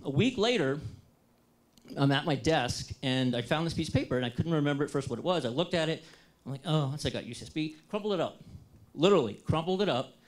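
Lively American man telling a story. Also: fairly high pitch, quick pace. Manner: lively, self-deprecating and humorous, acts out his own past dialogue. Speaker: entrepreneur giving a talk. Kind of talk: personal storytelling talk to an audience.

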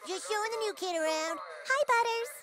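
A man's voice: very high voice, expressive, a little fast, a loud crowd. An actor playing a meek, cheerful young cartoon boy with a chirpy, innocent voice.

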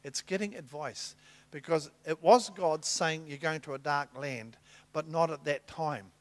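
Animated male preacher acting out scripture. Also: on the high side, measured pace. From New Zealand. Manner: animated storytelling, acting out dialogue with big swings in loudness. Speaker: apostle preaching. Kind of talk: sermon.

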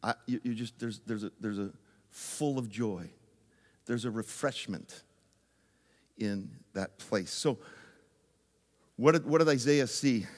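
A man who is a pastor, telling a lively story in a sermon, moving from loud excitement down to hushed intensity. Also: mid-range voice, slow pace, long pauses. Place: church sanctuary. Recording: long church reverb.

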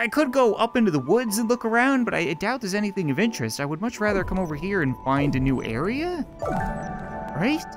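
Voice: medium pitch, fairly bright tone. A video game host giving casual, joking let's-play commentary while playing, chatting directly to viewers.

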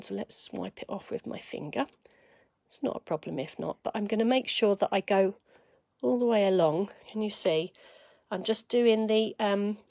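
Chatty woman running a live craft demo, mid pitch, dry close mic. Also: darkish tone, no echo. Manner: chatty, greets viewers, thinks aloud. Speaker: crafting demonstrator. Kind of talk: live stream craft demonstration.

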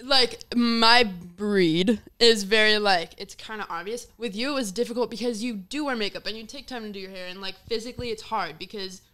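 A woman's voice: medium pitch, normal speed, few pauses, bright, forceful tone. A young woman in a casual interview, telling her side of a story playfully and laughing often. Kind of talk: casual chat.

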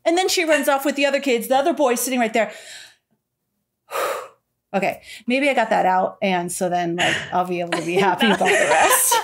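Animated woman ranting on a podcast. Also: fairly high pitch, fairly quick. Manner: animated, exasperated ranting with mimicked quotes. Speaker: podcast co-host. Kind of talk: casual chat.

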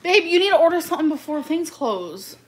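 A woman's voice: very high-pitched, big pitch swings, a little fast. A woman hosting a casual live chat with viewers, rambling and chatty with many fillers and little laughs. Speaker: live stream host.

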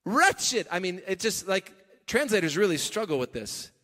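A man with a high voice preaches in a church sanctuary, and his words ring with a long hall reverb. He talks conversationally and with emphasis, breaking into chuckles and starting lines over. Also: sing-song, normal speed, pushed and bright. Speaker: pastor. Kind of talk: sermon.

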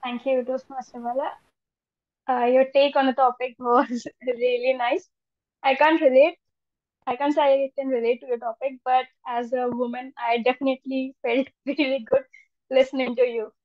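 A woman runs the impromptu speaking part of an online club meeting in a high voice. She repeats each question patiently. Her audio is dull and dry, typical of a video call. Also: level tone, moderate pace, dry recording. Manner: repeats questions, laughs lightly. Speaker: table topics master. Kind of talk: meeting hosting.

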